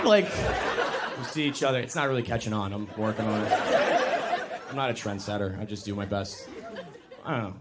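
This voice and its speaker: A young man performing stand-up comedy on a club stage, talking casually and poking fun at himself, now and then jumping into high mocking voices. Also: a little fast, over a noisy crowd, heavy background noise. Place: comedy club stage before a live audience.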